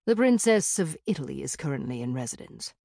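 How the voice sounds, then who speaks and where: A man's voice: medium pitch, sing-song, brisk, vocal fry, mellow, dry recording, studio quality, voice pushed down. A woman voicing a weary young male vampire prince who talks in short, clipped questions. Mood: dry, weary.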